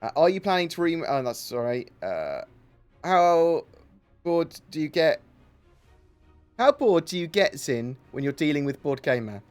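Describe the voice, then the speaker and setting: A man's voice: fairly high pitch, very animated, measured pace, a little mellow, clean tone, faint music behind. A man hosting a casual livestream chat, talking in rambling, self-interrupting bursts. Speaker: livestream host.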